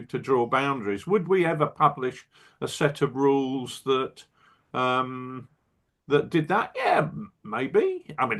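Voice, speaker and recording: A man's voice: mid-range voice, fairly bright tone. An older man who designs wargame rules, chatting on a podcast in a blunt, wry way, often restarting his sentences. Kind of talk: casual podcast chat.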